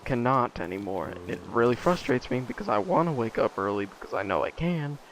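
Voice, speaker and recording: A man's voice: mid-range voice, very animated, a little fast, a little hiss or hum, poor audio. A teenage boy chatting casually while playing a game, rambling with lots of fillers and trailing thoughts. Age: teens. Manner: rambling, many fillers, drifts off mid-thought. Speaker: gaming vlogger.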